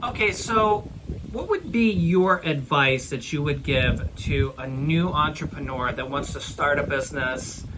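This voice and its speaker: A man's voice: fairly high pitch, measured pace, a bit bright, slight background noise. A man hosting an interview, asking earnest leading questions about starting a business. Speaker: host.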